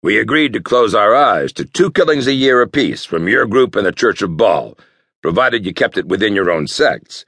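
A man's voice: lowish voice, expressive, normal speed, fairly bright tone, husky, dry recording, clean studio sound, voice pushed up, full character voice. Man voicing a harsh police detective chief. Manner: harsh, commanding.

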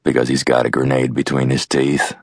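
A man voicing a calm, hardened male American operative with a dry, deadpan manner. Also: extremely low pitch, brisk, creaky, no room sound, heavily acted.

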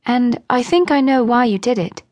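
A woman reading the part of a kind young governess, speaking softly and gently in an audiobook. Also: a little high, animated, normal speed, no room sound, voice pushed up, natural voice. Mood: tender. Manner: soft and gentle.

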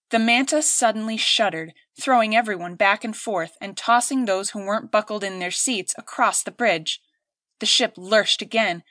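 A woman reading an audiobook aloud in steady, clear scripted narration. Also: medium pitch, no echo, studio quality.

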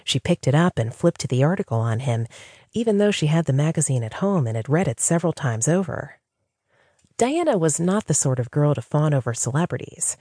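A woman reading a romance audiobook as narrator, in a steady scripted style. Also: sits low, a little fast, dry recording.

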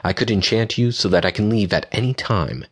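A young unicorn filly, as a male narrator puts her on, gentle in manner but quick to turn sharp and haughty. The voice is pitched well above his own and stays lively and animated in this storybook reading. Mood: indignant. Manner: gentle voice turning sharp and imperious.

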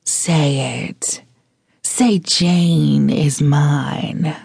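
A woman's voice: low-pitched, drawn-out words, mellow, slightly rough, no echo, studio quality, heavily acted. A woman voicing a sultry, bold noblewoman.

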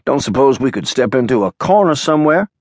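A male audiobook narrator voicing a gruff, terse frontier man. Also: medium pitch, big pitch swings, a little fast, darkish tone, dry recording, pitched above the performer's own voice. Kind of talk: audiobook character voice.

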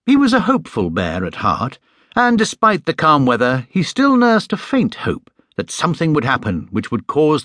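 A man narrating a children's story in an audiobook, in a warm, measured storytelling manner, recorded on a close studio mic. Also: medium pitch, no room sound.

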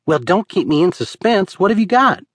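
A man voicing a curious, eager young woman who asks quick questions. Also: high-pitched, big pitch swings, slightly rough, dry recording, pitched above the performer's own voice, exaggerated voice. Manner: quick, inquisitive.

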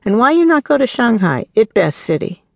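A man's voice: very high voice, sing-song, brisk, gravelly, fairly bright tone, no echo, pitched above the performer's own voice, heavily acted. A woman narrator voicing a suspicious male consulate clerk who questions her in short, clipped phrases with a foreign accent.

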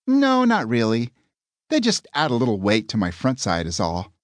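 A man's voice: mid-range voice, wildly swooping pitch, moderate pace, dry recording. A man voicing a prim, courteous young woman in an audiobook, speaking with formal phrasing. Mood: polite.

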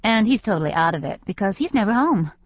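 A woman voicing a perky, eager teenage girl cheerleader with a high, girlish voice. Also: very animated, fast talker, no echo, highs cut off. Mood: offhand.

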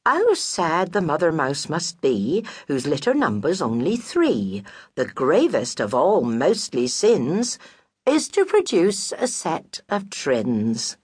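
Woman plays a plaintive widowed mouse mother, homely and glum, slightly husky. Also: low voice, sing-song, takes it slowly, a little mellow, dry recording, clean studio sound, heavily acted. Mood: resigned. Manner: sighing, self-pitying, homely turns of phrase.

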